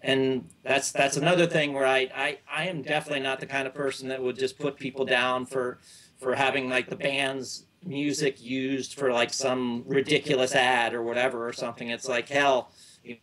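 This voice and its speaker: A man's voice: mid-range voice, little pitch movement, moderate pace, fairly bright tone, poor audio. A middle-aged man as an interview guest, telling loose, rambling stories in casual chat and often restarting his sentences.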